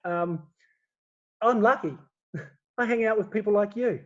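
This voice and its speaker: High-voiced guy chatting, keeps restarting words, muffled lo-fi sound. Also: unhurried. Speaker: guest. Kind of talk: casual chat.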